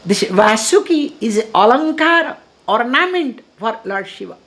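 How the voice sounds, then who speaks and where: A middle-aged woman with an Indian accent gives a spiritual discourse in English. Her voice is animated and she chuckles as she acts out bits of dialogue. She slows down to chant Sanskrit verses. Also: fairly high pitch. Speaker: spiritual teacher. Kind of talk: scripture discourse.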